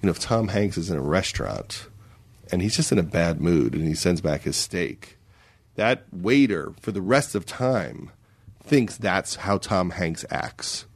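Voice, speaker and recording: A man telling comic anecdotes in a casual podcast chat as a guest, jumping into high, exasperated voices as he acts out his stories. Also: animated, unhurried, breathy edge.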